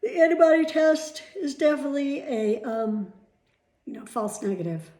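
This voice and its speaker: A woman's voice: high-pitched, moderate pace, a little mellow. A middle-aged woman vlogging at home, chatting casually to the camera with rambling asides and the odd swear word. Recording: echoey room.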